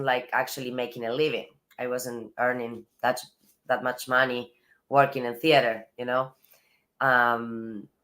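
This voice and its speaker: An Argentine woman with a strikingly low voice, speaking English as a second language after Spanish. She talks as a guest in a casual interview, thoughtful and relaxed. Now and then she slips in a soft laugh between phrases. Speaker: actress, guest.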